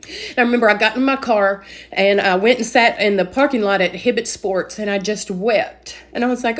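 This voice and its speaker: A woman's voice: medium pitch, normal speed. A woman giving an earnest, emotional personal faith testimony, full of "like" fillers.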